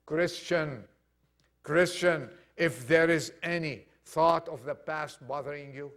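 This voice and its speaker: A male preacher delivers a sermon to his congregation in a high-pitched voice. He acts out quoted dialogue with feeling, rising to loud declarations and dropping to near hushes. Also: slow. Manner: impassioned, dramatic swings from loud to hushed. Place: church congregation.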